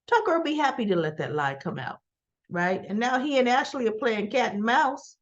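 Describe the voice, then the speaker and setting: A woman giving a casual, chatty recap, animated and full of rhetorical asides. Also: on the high side, normal speed, highs cut off. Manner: animated, rhetorical asides, talks back to characters. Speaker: soap opera recap vlogger.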